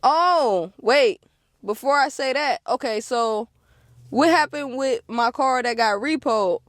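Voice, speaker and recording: A woman's voice: sits high, takes it slowly, no echo, studio quality. A young woman, telling a story to camera casually and laughing often. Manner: animated, laughs often, acts out quotes. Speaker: car dealer and vlogger.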